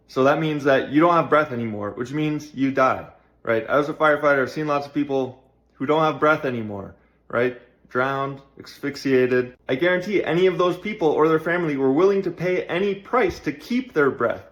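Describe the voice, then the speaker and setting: A man's voice: medium pitch, moderate pace. A man casually telling a moral story, conversational, with restarts and asides. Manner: conversational, with frequent restarts and "you know".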